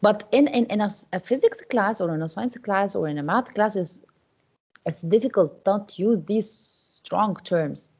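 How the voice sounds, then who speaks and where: A woman's voice: medium pitch, expressive, normal speed, darkish tone, slightly rough, highs cut off. A woman English teacher teaches an online class, repeating questions to her students with many fillers and restarts.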